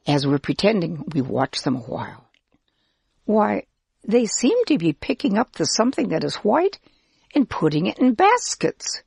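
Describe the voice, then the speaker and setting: A woman narrating a pretend-play Bible story for children, gently addressing the listener directly. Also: medium pitch, big pitch swings, normal speed, vocal fry, husky, dry recording.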